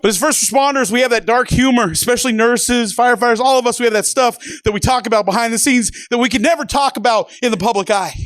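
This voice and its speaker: A man who works as a first responder, telling a slow-building dark-humored story on stage. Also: very high-pitched, slight background noise. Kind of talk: stand-up storytelling.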